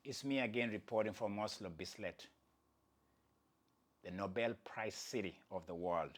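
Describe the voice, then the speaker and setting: A man's voice: on the low side, normal speed. A man hosting his own channel, giving casual, playful commentary with chatty asides to viewers and jokes at his own expense. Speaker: athletics commentator and channel host.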